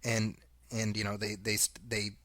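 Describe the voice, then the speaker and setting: Bright-voiced man co-hosting a podcast. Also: on the low side, completely flat delivery, measured pace, no room sound. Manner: reads listener quotes aloud, laughs often. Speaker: podcast co-host. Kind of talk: casual chat.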